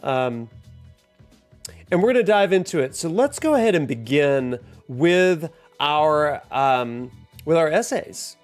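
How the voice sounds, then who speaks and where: A man's voice: fairly high pitch, animated, slow. A man hosting a casual livestream, chatty and upbeat, laughing often. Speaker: livestream host. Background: soft lo-fi music.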